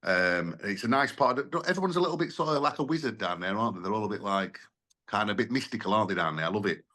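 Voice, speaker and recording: Enthusiastic man, low voice. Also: expressive, fast, pushed and bright. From Sheffield, England. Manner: enthusiastic, chatty, tag questions. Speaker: guest, event promoter and musician. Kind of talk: casual radio interview.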